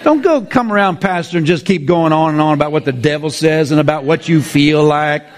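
A man's voice: a little high, brisk. A man preaching a sermon as pastor, exuberant and repetitive, often laughing.

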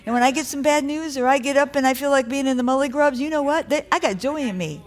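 A woman's voice: sits high, fast talker. A woman preaching a sermon to a congregation in a church, in a conversational, encouraging way that builds to rising exhortations.

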